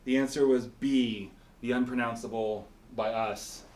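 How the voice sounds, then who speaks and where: Man, middle pitch, quiz host, playful and rambling, roomy echo. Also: fairly even intonation, unhurried, darkish tone. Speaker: pastor and show host. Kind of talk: casual game-show banter. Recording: echoey room.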